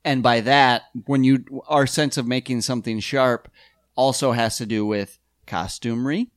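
A man's voice: mid-range voice, fairly even intonation, normal speed, no room sound, clean studio sound. Rambling, foul-mouthed man in casual chat. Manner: rambling, swearing, jokey. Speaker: podcast co-host, sketch comedian.

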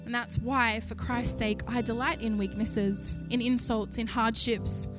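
A young woman preaching a sermon in an animated way, lifting her voice to stress each point. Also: fairly high pitch, unhurried, music in the background. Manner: animated, rising with emphasis, laughs between points.

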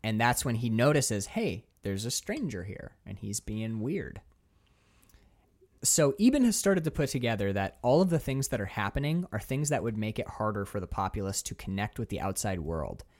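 A man co-hosting a casual movie discussion, excitable and swearing freely. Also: medium pitch, brisk, hardly any pauses. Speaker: podcast co-host.

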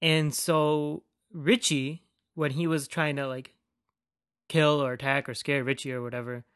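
A man's voice: on the high side, flat delivery, measured pace, fairly bright tone, clear, resonant tone, no room sound, studio quality. Rambling, profane male podcast host. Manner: rambling, profane, heavy use of "like". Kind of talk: casual podcast rant.

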